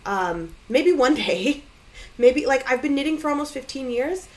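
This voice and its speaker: Stuffed-up canadian woman laughing at herself, kinda high voice, chatting at home. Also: animated, measured pace, rough recording. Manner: self-deprecating, laughs often. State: congested. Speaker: podcast co-host. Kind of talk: casual chat.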